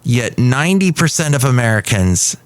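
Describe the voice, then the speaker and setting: A man's voice: medium pitch, very animated, normal speed. A man hosting a comic one-man podcast, rambling playfully with jokey asides. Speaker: podcast host.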